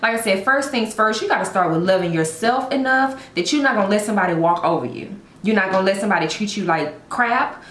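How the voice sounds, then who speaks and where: Woman vlogger, earnest and encouraging, mid pitch, echoey room recording. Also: lively intonation, quick pace, hardly any pauses, fairly bright tone. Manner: earnest, encouraging, conversational with emphatic repetition. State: tearful at times. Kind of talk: heartfelt storytime vlog.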